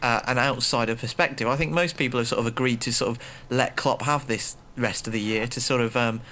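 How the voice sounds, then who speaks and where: A man co-hosting a casual football podcast, speaking calmly and quietly while steering the chat. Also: medium pitch, brisk. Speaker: podcast co-host.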